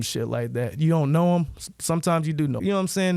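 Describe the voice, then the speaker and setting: A man's voice: on the high side, expressive, fast, gravelly, a little mellow, no room sound, clean studio sound. A man vlogger delivering a casual, profane, rambling rant straight to his viewers. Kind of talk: casual ranting monologue.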